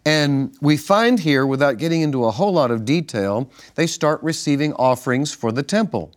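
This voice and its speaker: A man's voice: fairly high pitch, normal speed. Pastor, male, easygoing co-host telling stories on a ministry broadcast. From northern United States. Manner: relaxed storytelling with restarts and chuckles. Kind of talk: casual ministry broadcast chat.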